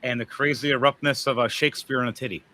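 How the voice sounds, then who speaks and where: A man's voice: mid-range voice, fairly even intonation, fast talker, sharp tone, slight background noise. Rambling man running a tabletop game. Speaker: game master.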